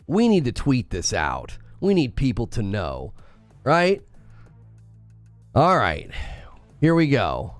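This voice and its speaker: A man's voice: on the high side, very animated, unhurried, no echo, soft background music. A male gaming streamer in a comedic, theatrical rant to his live chat, indignant and mock-paranoid.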